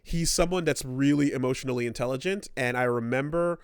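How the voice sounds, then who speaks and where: This is a man co-hosting a casual gaming podcast, rambling and swearing as he acts out characters' lines. His voice is smooth and resonant. The sound is dry and close. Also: medium pitch, a little fast, no room sound. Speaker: podcast co-host.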